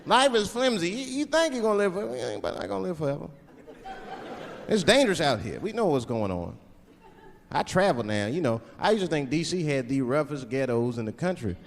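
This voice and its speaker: Man doing stand-up, lively high voice. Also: brisk, creaky. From Washington, D.C. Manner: switches into put-on voices for characters. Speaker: stand-up comedian. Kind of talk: stand-up comedy routine. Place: comedy stage before a live audience. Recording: live stage recording in a large hall with crowd laughter. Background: audience laughter.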